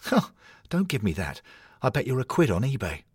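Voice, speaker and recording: A man's voice: mid-range voice, sing-song, moderate pace, husky, dry recording, clean studio sound, voice pushed up. A man voicing an anxious male cuddly hornet mascot toy who pleads and grumbles. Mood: exasperated. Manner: fretful, pleading, exasperated.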